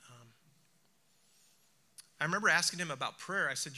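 A man preaching a reflective sermon who slows down and softens his voice for emphasis. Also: fairly high pitch. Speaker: speaker.

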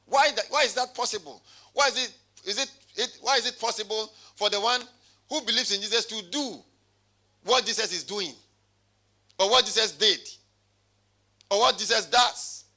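A man preaching a sermon in a high, ringing voice with a very bright, sharp edge. He calls out to his congregation and reads scripture aloud. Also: moderate pace, pauses often. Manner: preaching with call-and-response. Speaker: pastor.

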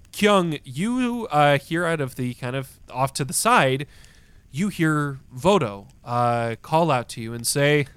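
Slow, hesitant male game master. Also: mid-range voice, fairly bright tone, clean tone, dry recording. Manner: descriptive, many fillers and pauses. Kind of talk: narrating a tabletop role-playing game.

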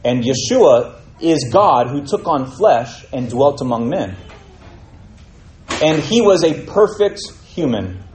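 A man's voice: mid-range voice, big pitch swings, takes it slowly, a little mellow, reverberant, slight background noise, poor audio. A man teaching a Bible study, reading scripture aloud and explaining it with questions to his listeners.

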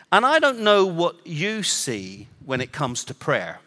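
A man's voice: a little high, huge pitch swings, unhurried, sharp tone. A man from Northern Ireland with an English accent, preaching a sermon with humorous, self-deprecating stories. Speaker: guest preacher. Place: church auditorium. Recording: long hall reverb.

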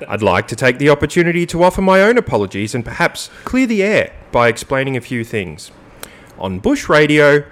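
Male podcast co-host, animated pitch, dry comic banter and deadpan mock-formal reading. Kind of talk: casual banter and reading a statement aloud.

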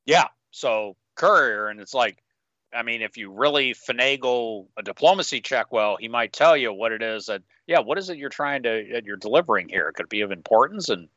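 Male co-host with a sharp, bright tone; rambles and drops into quick character asides; dull, dry lo-fi sound. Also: mid-range voice, expressive, no echo. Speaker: podcast co-host. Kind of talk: casual podcast chat.

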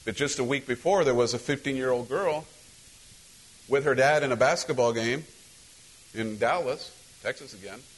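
A man's voice: medium pitch, normal speed, low-quality recording. A middle-aged man from Mexico who is a pastor, giving a loose, conversational sermon with repeated words, restarts and emphatic rhetorical questions.

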